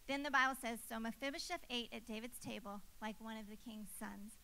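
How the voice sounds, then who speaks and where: Bright, high-voiced woman preaching. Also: steady tone, brisk, hardly any pauses, low-quality recording. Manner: emphatic, repeats phrases for effect. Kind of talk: sermon.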